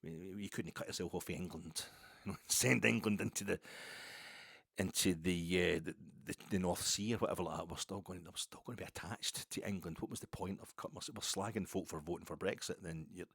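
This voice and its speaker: A man's voice: low-pitched, fairly even intonation, fairly quick, gravelly, slightly rough, no room sound, studio quality. A man with a Scottish accent hosting a podcast in a rambling, self-mocking monologue full of sweary humor. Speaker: podcast host.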